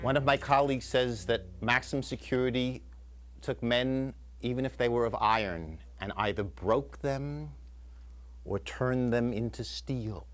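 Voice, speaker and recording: A man's voice: medium pitch, measured pace. A man telling a personal story live in a community TV studio, acting out the voices of the people in it. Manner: animated, acts out quoted voices, shouts and whispers.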